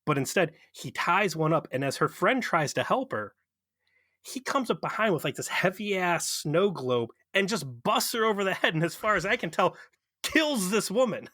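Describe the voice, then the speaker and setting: A man's voice: high voice, big pitch swings, moderate pace, pushed and bright, no room sound. Profane, rambling podcast co-host man. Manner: rambling, profane, amused recapping. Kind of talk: casual chat.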